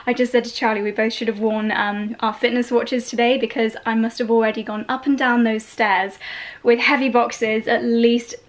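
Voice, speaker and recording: A young lifestyle vlogger chats to camera in a bubbly way, out of breath from hauling boxes around a house during a move. Her voice is fairly high and level at a normal speed.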